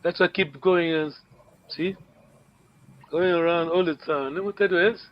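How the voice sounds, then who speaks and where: A man with a slightly raised pitch teaches a language class online, stopping often to repeat words and check that his students follow. The sound comes through a video call and is muffled and lo-fi. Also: fairly even intonation, normal speed, slight background noise.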